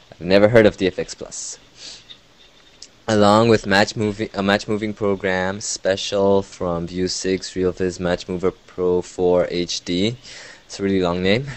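A man's voice: on the low side, low-quality recording. A male podcast host reading out listener email in casual chat, interrupting himself with asides, often sounding sarcastic without meaning to.

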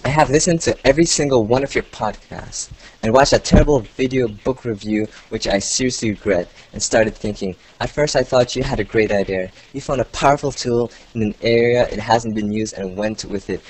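A man's voice: medium pitch, a little fast, hardly any pauses, a little mellow, breathy edge, low-quality recording. A male podcast host reading out listener email in casual chat, interrupting himself with asides, often sounding sarcastic without meaning to.

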